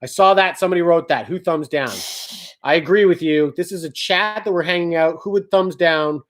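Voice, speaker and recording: A woman in a casual livestream chat, joking loudly and swearing freely. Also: on the low side, fairly quick. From Canada. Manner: loud, joking, swears, laughs hard. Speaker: band member hosting a livestream chat.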